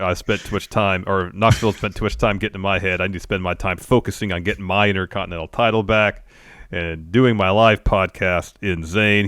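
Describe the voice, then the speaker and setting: Very deep-voiced man, laid-back recap. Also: fairly bright tone, clear, resonant tone, no room sound, clean studio sound. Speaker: podcast co-host. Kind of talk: casual wrestling recap chat.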